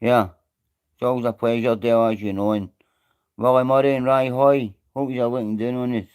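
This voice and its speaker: A man's voice: mid-range voice, steady tone, a little fast, darkish tone, clean tone. A Scottish man on a live stream, rambling and greeting viewers by name in casual chat.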